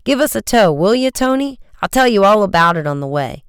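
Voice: medium pitch, fairly quick, clean tone, no echo, studio quality, pitched above the performer's own voice. Joe, a reader voicing an eager teenage boy. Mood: urgent. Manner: shouting over an engine, excited. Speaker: younger brother at the wheel.

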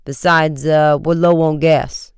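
A man's voice: on the high side, flat delivery, takes it slowly, clean tone, no echo, clean studio sound. A man voicing a casual, breezy teenage boy friend in a storybook reading. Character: easygoing teenage boy with a boat.

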